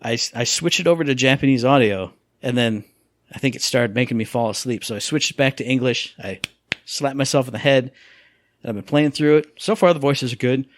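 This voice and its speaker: A man co-hosting a casual gaming podcast, telling stories with lively acted-out quotes and sound effects. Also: medium pitch, brisk, no echo. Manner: animated storyteller, acts out quotes and sound effects. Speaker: podcast co-host.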